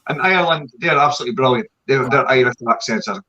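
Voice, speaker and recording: A man's voice: mid-range voice, pushed and bright, highs cut off. A Scottish man from a paranormal team chatting casually and jokily in an online interview. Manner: chatty, joking, quick explanations.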